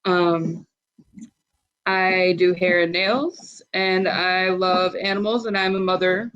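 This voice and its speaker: A woman's voice: lowish voice, flat delivery, slow pace, a bit bright, clean tone. A young adult woman, a wrestling promotion co-owner, talking bluntly and chattily with lots of fillers in a casual podcast interview. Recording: slightly dull lo-fi sound.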